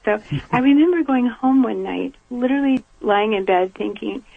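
An older woman from the American South speaks earnestly and reflectively, now and then with a soft laugh. Her voice is gravelly and a little husky. The sound is dry and tinny, as if it comes over a phone line. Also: on the high side, normal speed, no echo. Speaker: guest. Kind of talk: reflective conversational interview.

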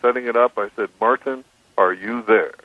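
A man calling in as a radio guest, telling his story in a measured way with frequent restarts. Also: mid-range voice, no room sound. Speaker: guest describing his recording experiments. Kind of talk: phone-in radio interview. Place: on a phone call to a radio show. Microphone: telephone. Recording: dry tinny phone line.

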